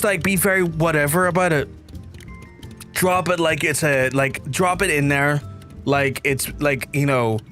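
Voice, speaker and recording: A man with a softened Belfast accent chats with his stream audience, his voice sitting a little on the high side. He rambles, circles back on his own phrases and swears casually. Faint game music plays underneath. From Belfast, Northern Ireland. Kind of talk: casual livestream chat with viewers.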